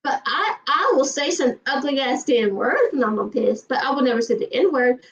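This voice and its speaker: A woman's voice: sits high, animated. A woman from Georgia with a Southern accent, talking emphatically in casual chat as host of a livestream. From Georgia, USA. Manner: fast, emphatic, repeats herself. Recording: distant, dull livestream audio.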